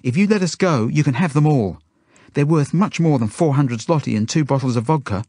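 A man's voice: a little high, animated, brisk, dark tone, dry recording, clean studio sound, voice pushed up. A man reading an audiobook, voicing a frightened boy who pleads frantically. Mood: pleading. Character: frightened desperate young Jewish boy, pleading.

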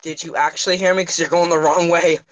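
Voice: mid-range voice, steady tone, quick pace, a loud crowd. A player in a casual gaming chat who swears a lot, laughs often and exclaims at the others.

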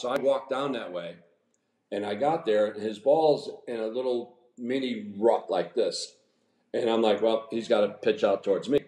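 A man in his sixties, a former pro golfer, telling rambling, animated anecdotes as a podcast guest. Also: medium pitch. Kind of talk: casual storytelling interview. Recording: echoey room.

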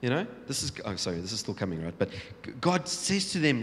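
A male pastor preaches in a large church hall. His voice is mid-pitched and carries a long reverb tail. He retells scripture as vivid storytelling and often restarts his words. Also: very animated, a little fast, few pauses, fairly bright tone. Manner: storytelling, acting out Bible scenes, many restarts. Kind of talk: sermon.

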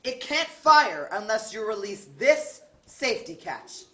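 A woman playing a calm, matter-of-fact male embassy official on stage, who lays out a plan. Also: fairly high pitch, unhurried, heavily acted. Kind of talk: stage play acting. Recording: echoey stage room.

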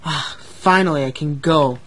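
A rude female engine from a homemade toy-train storybook , acted by a man. She barks orders and brushes others off, in a raised, higher-pitched voice. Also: unhurried, noisy background, close to an everyday voice. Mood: impatient. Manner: pushy, snapping orders.

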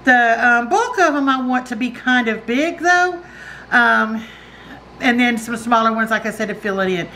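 A woman's voice: on the high side, expressive, normal speed, bright, forceful tone, rough recording. A middle-aged woman with a Southern US accent, chatting folksily while demonstrating a recipe in her home kitchen. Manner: folksy, chatty, says y'all. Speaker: cooking channel host. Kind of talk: casual cooking demonstration.

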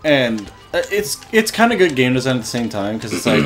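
A young man's casual gameplay commentary, swinging freely in pitch as he muses about game design. He swears offhand and lets thoughts trail away, with faint chiptune music playing beneath his voice. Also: big pitch swings, a little fast, few pauses. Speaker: let's play co-host.

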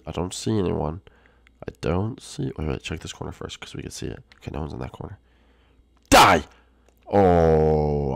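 Guy playing a jumpy young turtle prince, low gravelly voice, whispers then yells. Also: no echo. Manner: swings between hushed whispers and sudden shouts. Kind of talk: game video role-play.

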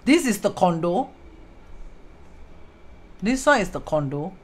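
Woman, Singaporean accent, feng shui teacher, casual live-stream chat, code-switching, average pitch. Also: big pitch swings, slow pace, a little mellow, breathy edge. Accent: Singaporean English. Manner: chatty, mixes in Hokkien and Mandarin words; greets viewers mid-explanation.

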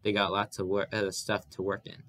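A man's voice: on the low side, level tone, normal speed, fairly bright tone. A man voicing a proud farming father who speaks firmly in rural dialect, read aloud in a story.

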